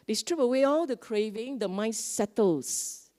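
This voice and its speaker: A woman's voice: fairly high pitch, a little slow. Woman, retreat teacher, chatty dharma talk that quizzes the room. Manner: lively, conversational, asks the audience questions.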